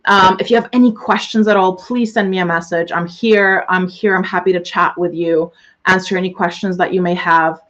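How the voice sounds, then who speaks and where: A young woman business coach closing a live webinar, gushing and excitable, swearing freely as she greets viewers. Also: on the low side, normal speed, muffled recording.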